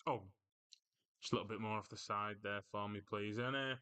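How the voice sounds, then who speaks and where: Bright, crisp-voiced chatty football streamer. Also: male voice, medium pitch, fairly quick. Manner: chatty, reads out viewer comments and answers them. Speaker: livestream host. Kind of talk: casual football chat livestream.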